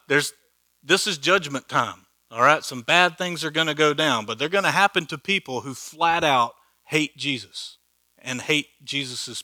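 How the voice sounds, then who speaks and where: A man's voice: a little high, pushed and bright. A man teaching a Bible study in a church hall, conversational and joking, with many rhetorical questions.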